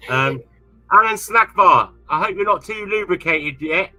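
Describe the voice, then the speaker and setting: A man's voice: high-pitched, animated, a little slow, pushed and bright, soft background music. A middle-aged man, hosting a casual live stream and chatting in a teasing, talkative way. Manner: chatty, teasing, laughs often.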